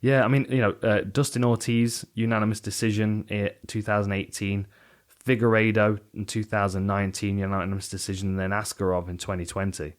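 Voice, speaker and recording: This middle-aged podcast co-host talks fights in a lowish, fairly flat voice, moving a little fast with hardly a pause. His casual analysis is thoughtful but self-correcting, with sentences that restart or trail away.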